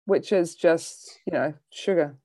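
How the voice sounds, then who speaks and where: A woman's voice: low-pitched, measured pace, warm tone, no echo, studio quality. A woman comedian chatting casually, telling a rambling story about a show she hosted. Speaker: comedian and bingo host. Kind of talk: casual chat.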